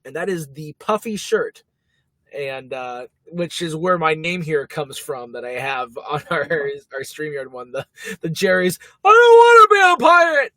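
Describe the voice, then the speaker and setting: A man co-hosting a podcast in casual chat, laughing often and filling pauses. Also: on the high side, fairly bright tone, no room sound. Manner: chatty, laughs often, many fillers. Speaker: podcast co-host.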